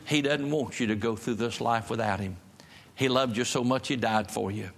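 Gravelly preacher man. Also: mid-range voice, normal speed, a bit bright. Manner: emphatic preaching, repeating key phrases. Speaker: pastor. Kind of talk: sermon. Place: church service.

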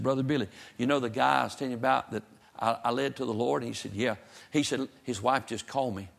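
Gravelly preacher man. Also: medium pitch. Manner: folksy, fervent, rising to emphatic. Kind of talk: sermon with storytelling.

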